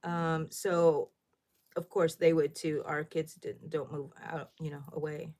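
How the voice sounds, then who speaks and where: A middle-aged woman with a lilt hosts a casual crochet livestream, talking a little loud and thinking out loud as she works. Her voice sits slightly low for a woman, and she keeps turning to her viewers with questions. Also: level tone, a little slow. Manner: chatty, thinks aloud, asks viewers questions. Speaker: livestream host.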